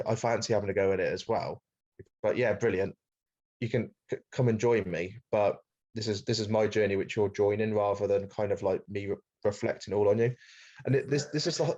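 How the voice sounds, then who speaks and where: Monotone Welsh man, lo-fi sound. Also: lowish voice. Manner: self-described monotone, chatty, says "mate" often. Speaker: guest. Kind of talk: casual interview chat. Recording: dull lo-fi sound.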